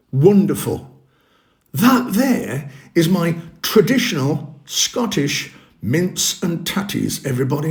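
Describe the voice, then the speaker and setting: Man, cooking channel host, casual demo, gravelly, fairly high voice. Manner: chatty, upbeat, talks viewers through each step.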